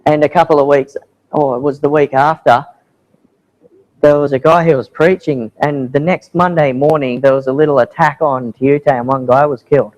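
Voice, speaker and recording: A fairly high-voiced man talks to a church about his mission work. He tells it like a casual yarn, slipping into quoted voices as he goes. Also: steady tone, moderate pace, a little mellow, dull audio. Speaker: missionary speaker. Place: church hall.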